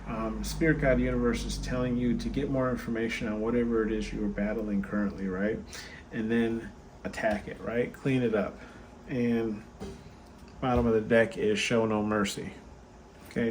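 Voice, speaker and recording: A man's voice: lowish voice, normal speed. A tired man hosting a casual tarot card reading, chatting straight to viewers with lots of fillers. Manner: chatty, many fillers, talks to viewers directly. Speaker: tarot card reader and channel host. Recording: steady background noise.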